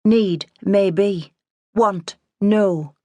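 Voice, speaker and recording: A woman voicing a defiant nineteen-year-old farm girl, sharp and sarcastic. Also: medium pitch, extremely slow, no echo, voice pushed up.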